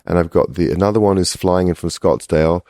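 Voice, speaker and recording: A man's voice: low-pitched, steady tone, quick pace, mellow, dry recording, studio quality. A middle-aged man who is a guest on a podcast, telling a rambling, casual story full of restarts. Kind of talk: casual chat.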